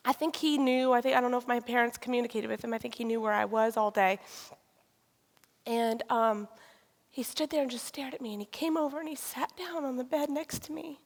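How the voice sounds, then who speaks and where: A woman tells a candid personal faith testimony in a voice set a little high with a gravelly edge. She often sinks into a hushed near-whisper. Her words ring out with the long reverb of a big hall. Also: steady tone, fairly quick. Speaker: guest speaker sharing her testimony.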